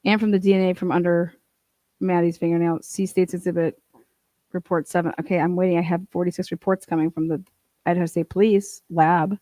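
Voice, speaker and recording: A woman's voice: on the low side, little pitch movement, brisk, dark tone, dry recording. A woman hosting a casual true crime livestream, swearing freely, laughing and reading court documents aloud. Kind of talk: casual profane livestream commentary.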